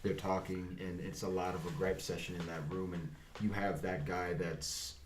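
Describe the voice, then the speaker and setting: A man, an actor, chatting casually on a podcast, telling stories in a fast, profane, animated way. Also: low-pitched, reverberant, a little hiss or hum.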